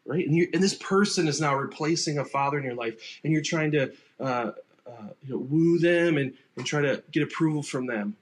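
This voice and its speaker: Man preaching a relaxed, unscripted sermon. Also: fairly high pitch, moderate pace. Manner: relaxed and unscripted, acting out sample replies in quoted voices. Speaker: pastor. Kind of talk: conversational sermon.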